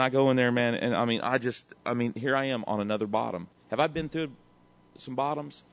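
A middle-aged man giving a profane, animated recovery testimony that swings between loud and quiet. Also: medium pitch, fairly quick. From Texas. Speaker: recovery speaker.

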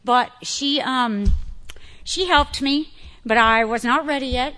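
A woman giving a candid, animated personal testimony to an audience, laughing often as she talks. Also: high-pitched, slow. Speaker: speaker sharing recovery story.

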